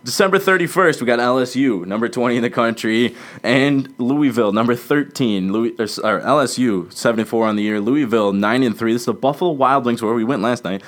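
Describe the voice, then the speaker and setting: A man's voice: mid-range voice, fairly quick. A young man hosting a casual sports podcast, teasing his co-host and laughing often as he runs through game picks.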